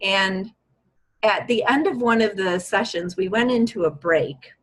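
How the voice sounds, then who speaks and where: A woman's voice: mid-range voice, unhurried, low-quality recording. A woman recounting a personal story in a conversation, candid and reflective, her voice lifting when she quotes her own past thoughts. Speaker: guest.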